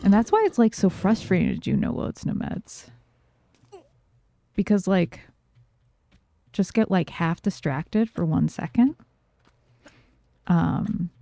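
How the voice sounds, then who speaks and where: A woman with a New York accent streams a game, chatting loosely with lots of fillers and easy laughter. Her voice is lowish, slow, gravelly, and mellow, with long pauses and no echo.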